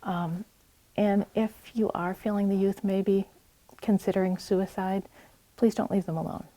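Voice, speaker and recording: A woman's voice: medium pitch, fairly even intonation, normal speed, mellow, no room sound. A woman with a New England accent giving a public health talk in a library, earnest and reassuring as she gives direct advice. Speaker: community health presenter. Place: public library meeting room.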